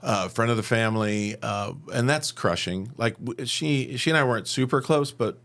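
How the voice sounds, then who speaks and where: A man's voice: medium pitch, moderate pace. A man in his fifties from upstate New York, a podcast guest telling personal stories and acting out what people said. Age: 50s. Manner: animated storyteller who acts out quotes. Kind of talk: personal storytelling.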